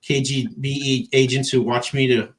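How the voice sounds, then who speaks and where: Rambling, deadpan middle-aged male host. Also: medium pitch, normal speed. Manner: dry, rambling storyteller. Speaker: podcast host. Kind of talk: casual interview chat.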